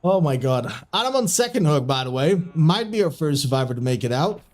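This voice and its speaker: High-voiced man giggling through game commentary. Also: sing-song, brisk. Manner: keeps breaking into giggling fits while commentating; trips over his words and restarts when flustered. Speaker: streamer casting a community game tournament. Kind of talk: live video game commentary.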